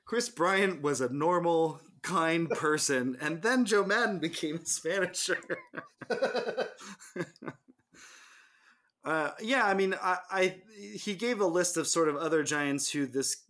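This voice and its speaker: A man co-hosting a casual sports podcast, talking in halting bursts with many restarts. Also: a little high, a bit bright. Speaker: podcast co-host.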